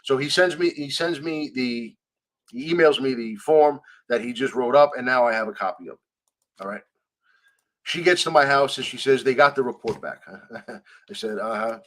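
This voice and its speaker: A man with a medium-pitched voice speaks at a moderate pace as a guest in a conversational interview. He tells a story animatedly, acting out the dialogue of the people he quotes and swearing freely.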